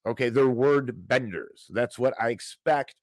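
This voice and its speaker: A man's voice: medium pitch, unhurried, no echo. Dry, sarcastic ranting podcast man. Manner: sarcastic, mocking, theatrical outrage. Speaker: podcast host. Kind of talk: ranting financial commentary.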